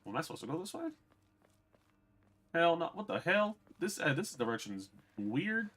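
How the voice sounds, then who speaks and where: Bright-voiced young man streaming a game. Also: on the high side, very animated, moderate pace. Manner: blunt, profane, chatting with viewers. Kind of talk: casual gameplay commentary.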